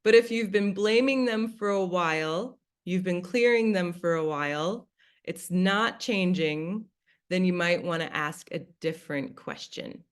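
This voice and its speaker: Chatty woman with a lowish voice. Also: unhurried, smooth. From United States. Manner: chatty, acts out her own past thoughts in quoted asides. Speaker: class facilitator. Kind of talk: casual teaching talk.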